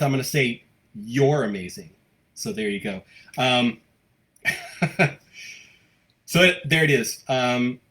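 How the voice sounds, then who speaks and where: An American man who hosts a local live show, talking fast and cheerfully as he reads out viewer comments. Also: mid-range voice, a bit bright. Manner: fast-talking, upbeat, gushing. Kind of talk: casual live-stream chat, reading viewer comments.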